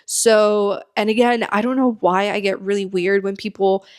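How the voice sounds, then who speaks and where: A young American woman telling a story on her solo podcast. She sounds chatty and candid, with a mid-range voice and frequent quick asides. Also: medium pitch, steady tone, darkish tone. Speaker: podcast host.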